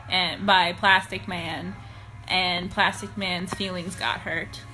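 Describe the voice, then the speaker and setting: A woman's voice: mid-range voice, bright, forceful tone. A young woman co-hosting a podcast, agreeable and giggly, chatting casually while recapping a TV episode. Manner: agreeable, giggly, keeps saying yes. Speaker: podcast co-host.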